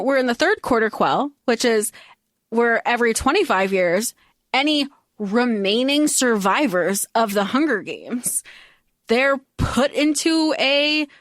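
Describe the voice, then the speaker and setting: A woman co-hosting a podcast in casual chat, bubbly and excitable, laughing often. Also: high-pitched, dry recording, studio quality. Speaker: podcast co-host.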